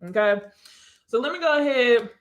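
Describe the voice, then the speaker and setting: Texas lady hosting a live stream, slight twang, laughs a lot, kinda high voice. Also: lively intonation, moderate pace, muffled recording. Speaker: YouTube host. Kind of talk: casual live-stream chat.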